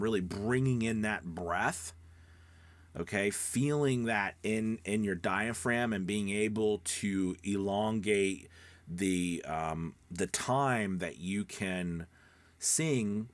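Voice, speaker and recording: A man's voice: on the low side, a bit bright, no room sound. Man coaching voice acting, dry close sound. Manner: rambling, conversational, many fillers and restarts. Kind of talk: casual spoken lesson.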